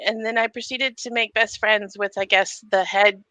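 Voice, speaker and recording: Bright animated woman storyteller. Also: medium pitch, fairly quick, hardly any pauses, dry recording, low-quality recording. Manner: animated, acts out quotes, laughs often. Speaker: streamer. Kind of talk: casual storytelling on a stream.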